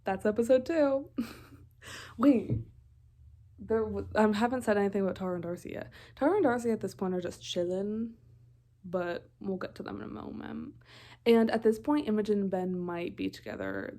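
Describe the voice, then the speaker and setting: A young woman rattles through a TV show recap in a relaxed vlog voice. She is chatty and meandering, and often cuts herself off to correct a detail or remember something. Her pitch sits right in the middle of the usual range. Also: moderate pace. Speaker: vlogger.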